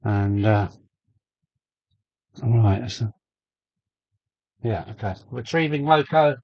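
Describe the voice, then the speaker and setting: Brief: male live-stream host, unhurried and rambling, mid-pitched voice, dry close sound. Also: no room sound, highs cut off. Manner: chatty, rambling, greets viewers by name. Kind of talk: casual live-stream chat. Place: home loft with a model railway layout.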